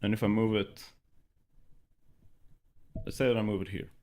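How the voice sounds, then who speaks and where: A man's voice: lowish voice, steady tone, moderate pace, a little mellow, a little hiss or hum. Man with a slight lisp, mic-checking. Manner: muttering to himself while adjusting settings. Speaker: streamer.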